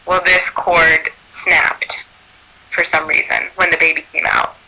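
A man who works as a birth doula tells a personal story in an animated way, acting out what people said. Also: on the high side, a little slow, poor audio. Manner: animated, acts out quoted speech.

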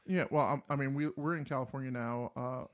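A man's voice: medium pitch, steady tone, a little fast. A man co-hosting a casual music talk, telling stories animatedly and mimicking riffs and voices. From New Jersey. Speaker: podcast co-host. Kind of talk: casual chat about music.

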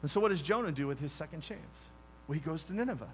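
A man preaching a sermon in a conversational, animated way, dropping to quiet emphasis on key points. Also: on the high side, rapid-fire, slight background noise. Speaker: pastor.

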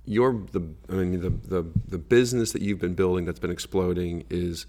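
American man, very deep voice, easygoing podcast host. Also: moderate pace, dark tone. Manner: friendly and easygoing, with laughs and fillers. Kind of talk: casual interview chat.

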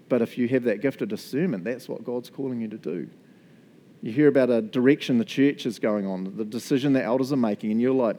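A man's voice: mid-range voice, animated, brisk, mellow. A male pastor preaching a sermon in a casual, chatty way, often laughing as he talks.

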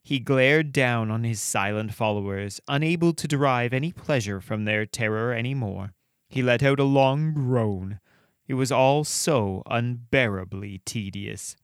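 A man hosting a podcast, reading dark fantasy stories aloud with a measured, expressive delivery and chatting casually between them. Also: mid-range voice, clean tone, no room sound, clean studio sound. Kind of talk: storytelling narration and casual commentary.

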